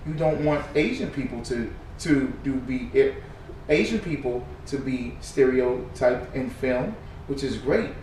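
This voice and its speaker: A man giving heated reaction commentary, shifting from muttered news reading to loud, profane ranting. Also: medium pitch. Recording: echoey room, distant mic, faint noise.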